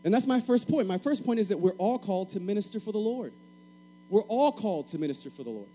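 A man's voice: sits high, lively intonation, fast talker, dark tone, a little hiss or hum, poor audio. A man from Puerto Rico preaching a sermon, emphatic and repeating key phrases, calling for answers from the congregation.

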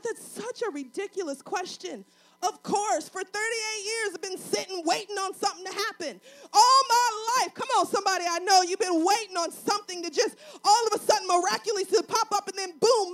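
A middle-aged woman pastor preaching a sermon in a repetitive cadence, building to fervent appeals. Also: extremely high pitch.

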